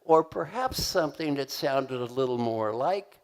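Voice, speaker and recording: An older man from the United States giving a motivational keynote to a conference audience, animated and acting out voices as he asks the crowd questions. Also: mid-range voice, normal speed, hardly any pauses. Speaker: keynote speaker. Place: large conference hall.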